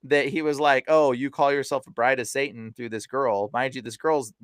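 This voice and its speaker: In a clear, resonant mid-range voice at a moderate pace, a man appears as a podcast guest and talks about his work as a deliverance minister through casual, animated stories. He mimics the voices of people he quotes and laughs along, captured in a dry, clean studio recording.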